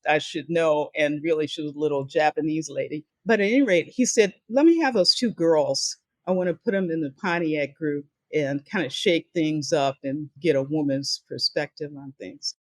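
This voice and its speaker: A woman's voice: sits low, a little mellow, dry recording. An older woman, a guest on a podcast, tells stories from her career and acts out the voices of the people she quotes. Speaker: guest speaker and author. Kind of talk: storytelling in a podcast interview.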